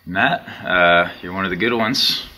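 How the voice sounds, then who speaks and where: A man giving a halting, sincere thank-you to his former youth pastor, full of pauses and fillers. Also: low-pitched, pushed and bright, a little hiss or hum. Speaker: former student, now in ministry. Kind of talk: heartfelt video tribute.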